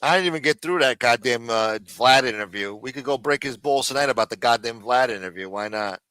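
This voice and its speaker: A man's voice: medium pitch, a little fast, bright, forceful tone, clean tone, no room sound. A man hosting a live stream in a casual, profane rant, with many fillers, repeated phrases and muttered asides.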